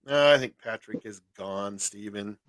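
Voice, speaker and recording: A man's voice: on the low side, moderate pace, a bit bright, no room sound. A man chatting casually as a show host on a video call, joking and laughing often.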